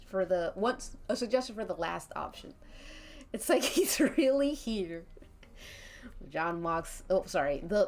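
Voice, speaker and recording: Woman streamer running an interactive story for chat, giggly and unhurried, voice swooping up and down. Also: mid-range voice. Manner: giggly, often breaks off laughing and restarts.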